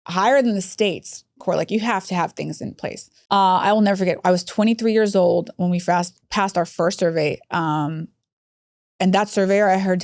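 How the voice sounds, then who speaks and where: A woman in her thirties, a hospice executive, telling lively stories in a podcast interview and acting out other people's voices. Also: no echo, studio quality. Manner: animated, acts out quoted voices with big pitch jumps.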